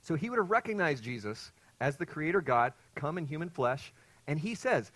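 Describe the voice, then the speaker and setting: A man's voice: on the high side, expressive, a little fast, no room sound, low-quality recording. Earnest male pastor preaching, dry sound. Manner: earnest teaching, quizzing listeners, surging louder on key points. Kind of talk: expository sermon to a congregation.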